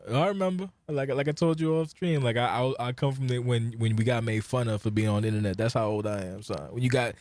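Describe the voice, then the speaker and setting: A man hosting a podcast in casual chat, blunt and profane, telling animated stories into a mic. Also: mid-range voice, fast, few pauses. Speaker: podcast host.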